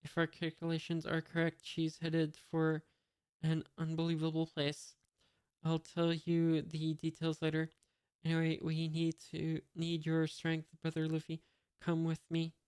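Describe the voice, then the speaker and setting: A reader voicing a young male pirate crewman while reading a comic aloud, saying his lines slowly and flatly, a little louder than the narration. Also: medium pitch, smooth, no room sound, studio quality, close to an everyday voice. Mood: urgent.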